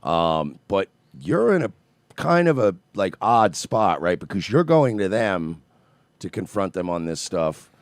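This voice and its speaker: A man's voice: low-pitched, sing-song, measured pace, no room sound. A man hosting a casual podcast, talking animatedly, swearing freely, and slipping into mocking voices. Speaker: podcast host.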